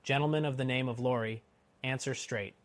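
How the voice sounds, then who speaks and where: A man voicing a gruff, watchful coach guard who barks out challenges and warnings. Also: medium pitch, fairly even intonation, a little fast, dry recording, lightly acted. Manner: gruff, bellowing commands.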